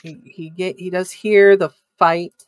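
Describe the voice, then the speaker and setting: Halting game master narrating, dry sound. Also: male voice, high voice, level tone, smooth, no room sound. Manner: halting, full of fillers and restarts as he narrates.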